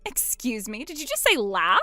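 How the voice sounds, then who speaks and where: A woman's voice: on the high side, sing-song, moderate pace, bright, forceful tone, dry recording, faint music behind. A woman voicing a boastful, spiteful young woman who mocks her sister in a text-story drama. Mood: gloating. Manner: smug, mocking, gloating.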